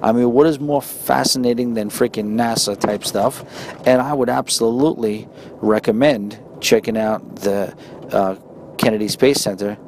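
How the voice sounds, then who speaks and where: A man's voice: moderate pace, darkish tone. A man with a New York accent hosting a casual solo podcast, chatting in a rambling way with many restarts and reading out listener emails. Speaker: podcast host. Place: on a moving train. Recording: faint train noise behind. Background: faint train rumble.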